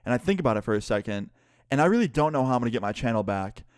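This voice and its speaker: A man's voice: medium pitch, lively intonation, very fast, clear, resonant tone, dry recording, studio quality. A young man casually retelling a personal story for his channel, candid and cursing freely. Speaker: YouTuber.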